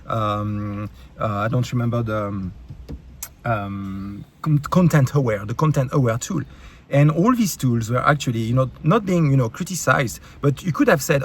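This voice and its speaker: A man with a French accent, a YouTube creator, ranting in a heated, sarcastic and profane way, with many halting fillers and restarts. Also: mid-range voice, a little hiss or hum. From France. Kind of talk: ranting vlog commentary.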